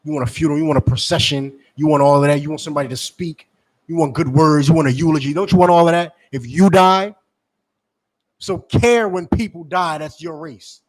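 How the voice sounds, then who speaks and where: A man preaching in a forceful, scolding way, repeating his points. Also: on the high side, a little fast. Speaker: street preacher. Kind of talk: street-corner preaching.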